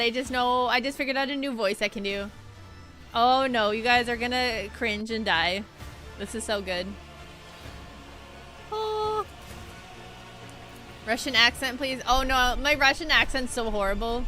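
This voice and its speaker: A woman's voice: a little high, moderate pace, sharp tone, soft background music. A young woman streaming a video game, chatting playfully and joking with her viewers. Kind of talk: casual gaming stream chat.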